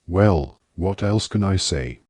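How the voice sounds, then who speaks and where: Man doing gawky teen wizard boy, sorry and defensive, low dry voice. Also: animated, takes it slowly, a little mellow, slightly rough, no room sound, full character voice. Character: awkward teenage wizard boy, defensive and apologetic.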